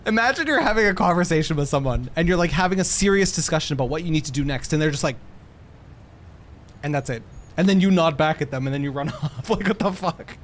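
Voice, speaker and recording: A young man giving casual gameplay commentary, animated, laughing often and swearing freely. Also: a little high, fairly quick, slight background noise. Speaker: streamer.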